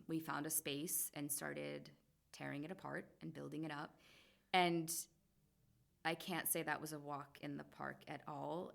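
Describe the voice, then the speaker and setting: A bright, forceful woman's voice, set a little low, belonging to a woman in her forties. She talks candidly and with animation as a podcast guest, acting out remembered exchanges and scattering "like" fillers throughout. The tone stays open and conversational. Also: gravelly. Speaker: guest, salon co-owner and hairstylist. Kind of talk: casual storytelling in a podcast conversation.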